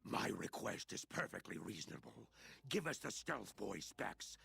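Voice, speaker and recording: Gravelly hulking mutant brute. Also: male voice, on the low side, very animated, sharp tone, full character voice. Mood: menacing. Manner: slow, threatening, formally polite. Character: menacing hulking male mutant, cold and demanding. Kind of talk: video game dialogue.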